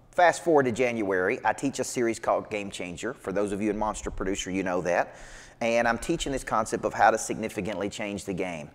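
A man giving an energetic motivational sales talk as a business coach, emphatic and repetitive. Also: lowish voice. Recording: long hall reverb.

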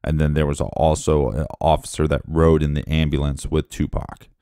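Very deep-voiced man, dark and dry. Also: little pitch movement, normal speed, clear, resonant tone, no room sound. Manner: interjects with questions and added details. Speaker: podcast co-host. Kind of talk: casual true-crime discussion.

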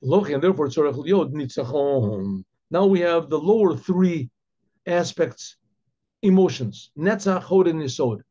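A man, a rabbi giving a Torah class, translating Hebrew lines and explaining them, with frequent restarts and throat-clearing. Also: on the high side, expressive, measured pace, mellow. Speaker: rabbi teaching Chassidic text. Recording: dull lo-fi recording.

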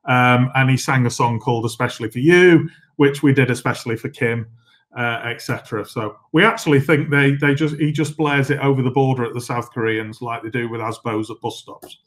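A middle-aged man presents a business masterclass. He moves briskly through slides and tells self-deprecating anecdotes in a chatty, informal way. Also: mid-range voice, steady tone, fairly bright tone. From England. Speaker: company chief executive giving a guest talk.

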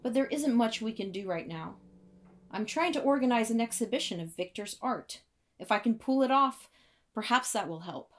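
A woman doing a calm, wry young man. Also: a little high, moderate pace, close to an everyday voice.

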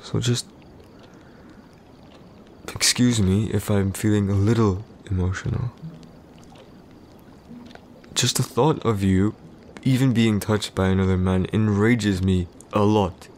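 A low-voiced, jealous warrior husband in a whispered role-play, played by a man. He talks curtly and possessively, close to the ear. A faint hiss of noise sits behind the voice. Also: fairly even intonation, slow, pauses often, a little mellow. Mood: grudging. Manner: curt, irritated, possessive, speaks low and close. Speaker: voice actor in a boyfriend roleplay.

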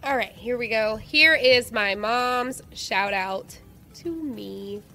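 A woman podcast co-host reads listener messages out loud, laughing often and getting emotional. Her voice is bright and sits a little high. Soft music plays faintly underneath. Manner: giggly, emotional, quick to laugh. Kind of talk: casual chat, reading listener messages.

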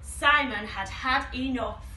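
A woman from a nursery reading a picture book aloud to small children in a slow, expressive storytelling voice, recorded in an echoey room with the mic at a distance. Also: high voice, slight background noise.

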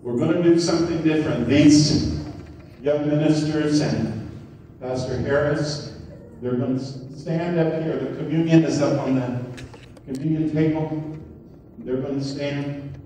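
A man preaching a sermon as pastor, swinging from loud, high exclamations to soft murmurs. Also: unhurried, pauses often, slight background noise. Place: church sanctuary. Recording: echoey church hall from far off.

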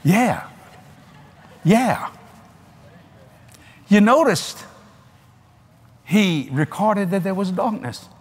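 An older man preaching a sermon at a large convention, animated and folksy, laughing between points. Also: sits high, drawn-out words, pauses often, husky.

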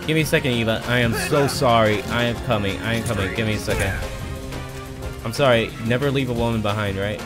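A man's voice: mid-range voice, fast, over music. Self-mocking male game streamer. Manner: self-deprecating, rambling, pleads with a game character. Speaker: gaming streamer. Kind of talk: casual gameplay commentary. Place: home room with a TV. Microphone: desk mic on an arm.

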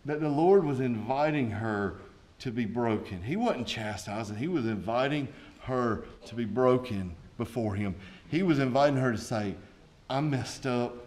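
A man's voice: mid-range voice, expressive, normal speed, a little mellow. A man, a pastor preaching a sermon with folksy asides and rising intensity.

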